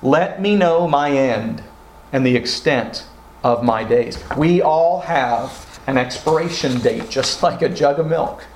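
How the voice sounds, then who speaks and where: A man's voice: medium pitch, slow, a little hiss or hum. A man preaching a sermon as pastor, acting out quoted prayers with rising feeling. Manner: expressive, acts out quoted prayers with rising emotion. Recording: roomy echo.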